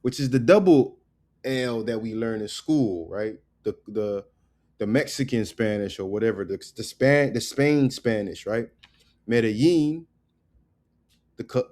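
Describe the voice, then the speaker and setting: A man teaching pronunciation in a casual, joking way, repeating each word slowly. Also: fairly low pitch, darkish tone. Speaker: Spanish teacher.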